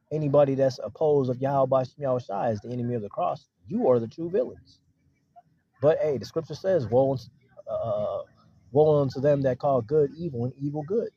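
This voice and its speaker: A man preaching in a casual, conversational way. He keeps checking in with his listeners and slows down to read scripture aloud. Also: medium pitch, warm tone, husky. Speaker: street preacher teaching scripture. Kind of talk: casual sermon with scripture reading. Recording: dull lo-fi recording.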